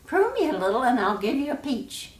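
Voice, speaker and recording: A woman voicing a kindly, grateful old peach tree in a storybook tale, with a high, eager, folksy drawl. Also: big pitch swings, a little fast. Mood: pleading. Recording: roomy echo.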